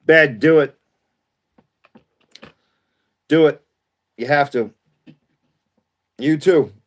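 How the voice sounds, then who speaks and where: A man's voice: a little high, slow. A man casually chatting on his evening live stream, greeting viewers by name and rambling between topics.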